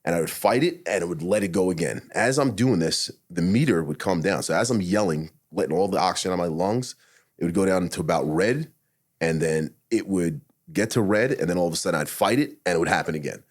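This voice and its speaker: A middle-aged man tells a personal story on a podcast in a very low, husky voice. He talks fast and swears often, and he acts out his own thoughts as quoted lines. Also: lively intonation. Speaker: podcast guest, retired SWAT officer. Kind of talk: candid storytelling in a podcast interview.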